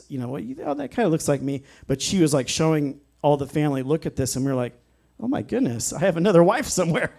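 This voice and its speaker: A man preaching a sermon in a church, earnest and emphatic, slowing down to stress key phrases and reading scripture aloud. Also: medium pitch, a little mellow. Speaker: pastor.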